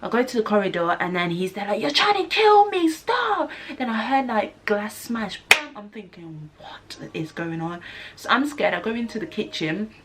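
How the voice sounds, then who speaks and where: A young woman, telling an animated storytime vlog and acting out the voices she quotes. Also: mid-range voice, normal speed, a little hiss or hum. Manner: animated, acts out screams and quotes. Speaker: vlogger. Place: student flat room.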